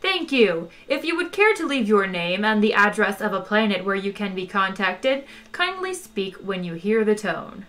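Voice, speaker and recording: A woman voicing an old recorded planet announcer in a storybook reading, slow, courteous and quietly threatening. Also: medium pitch, big pitch swings. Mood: polite.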